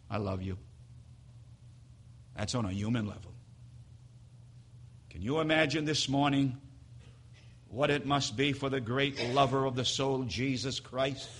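In a church sanctuary, a male pastor with a medium-pitched voice preaches a dramatic sermon, swinging between hushed and loud as he tells a story.

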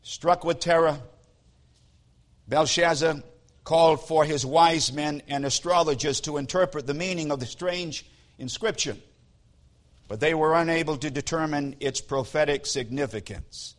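A man preaching a sermon and retelling a scripture story in a deliberate, solemn way. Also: on the high side.

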